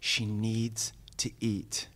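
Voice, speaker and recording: On a live podcast, a guest in his forties recounts something from his own life with animated impersonations and sudden laughs. He speaks on the low side and extremely slowly.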